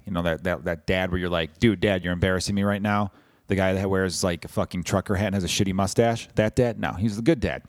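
A man with a lowish voice hosts a podcast, rambling through a casual solo recap with swearing and jokes at his own expense. The sound is dry and close, with no room around it. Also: a little mellow, no room sound. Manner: rambling, swearing, self-deprecating. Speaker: podcast host.

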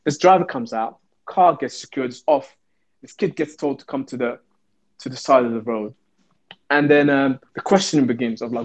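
A man's voice: medium pitch, moderate pace. A man, a former police officer, telling a story in an interview and acting out the voices he quotes. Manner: animated, acts out the quoted voices.

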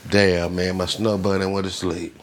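A man's voice: sits low, level tone, normal speed, slight background noise. Profane laughing male podcast storyteller. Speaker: podcast host. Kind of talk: casual storytelling chat.

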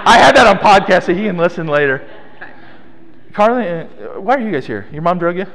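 High-voiced pastor preaching in a hall. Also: male voice, lively intonation, brisk, a bit bright, a little hiss or hum. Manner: playful, teasing congregation by name. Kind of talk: sermon. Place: small church hall. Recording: long hall reverb.

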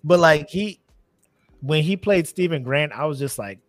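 A man's voice: on the high side, lively intonation, normal speed, dry recording. A man hosting a podcast in casual chat, telling stories animatedly with slang and laughter. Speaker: podcast host.

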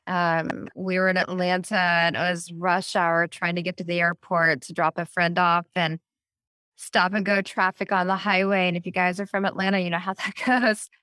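A woman's voice: on the low side, level tone, normal speed, sharp tone, clear, resonant tone, no echo, clean studio sound. A woman co-hosting a health talk show, chatting casually and telling stories with easy laughs. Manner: chatty storyteller, laughs easily. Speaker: podcast co-host. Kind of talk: casual conversational chat.

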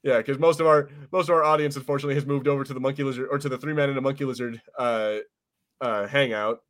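A man's voice: medium pitch, fairly even intonation, very fast, fairly bright tone. A man co-hosting a podcast in casual chat, rambling with many restarts and swearing freely. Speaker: podcast co-host.

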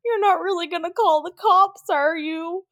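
A woman voicing a whiny, self-pitying teenage boy who is bleeding and scared, whimpering his words in a higher voice than her own. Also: moderate pace, fairly bright tone, no echo, studio quality.

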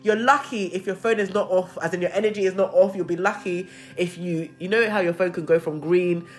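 A young woman venting in a casual monologue, candid and expressive, swearing freely. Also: lowish voice, fairly quick.

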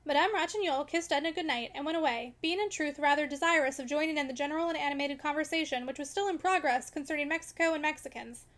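A woman narrates a classic novel in a high, bright-sounding register and reads at a quick clip. Her reading is expressive and steady, in the manner of an audiobook reader.

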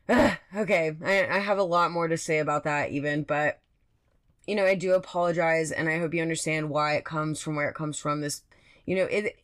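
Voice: mid-range voice, a bit bright, clean tone, no room sound, clean studio sound. A podcast host in an impassioned, rambling solo monologue, swearing often and restarting sentences.

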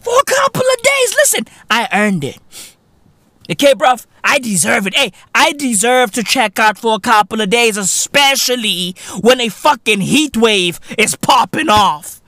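A man from South Africa hosts a podcast in a profane, comic rant, dropping "bruv" every other line. His pitch leaps about with lots of life while he talks at an unhurried pace. The sound is dry and close. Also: expressive, sharp tone, dry recording. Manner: profane, slangy, calls listener "bruv". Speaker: podcast host. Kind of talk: comedic rant.

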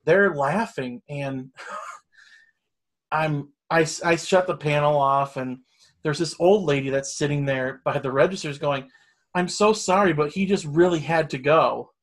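A man's voice: fairly high pitch, a little slow. A middle-aged man telling a long story in casual chat, rambling and swearing freely. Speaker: storyteller guest.

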